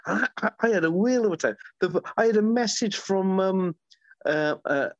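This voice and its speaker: A man's voice: high-pitched, animated, moderate pace, no room sound, muffled recording. A middle-aged man, a guest author in a podcast interview, telling stories eagerly with lots of restarts. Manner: enthusiastic, rambling storyteller with many restarts.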